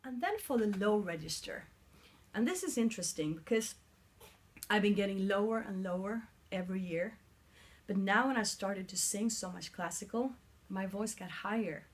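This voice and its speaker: A woman's voice: medium pitch, expressive, moderate pace. Swedish-accented woman vlogging on her phone. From Sweden. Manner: earnest and explanatory, searching for words at times. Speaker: singer vlogging her vocal training. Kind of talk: casual explanatory vlog. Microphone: mobile phone.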